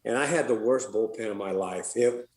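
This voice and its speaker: A man's voice: fairly low pitch, moderate pace, darkish tone. A man guesting on a podcast, telling a casual, profane story, laughing and acting out what others said. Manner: profane, laughing, acts out quoted dialogue. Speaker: podcast guest, former pitcher. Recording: roomy echo.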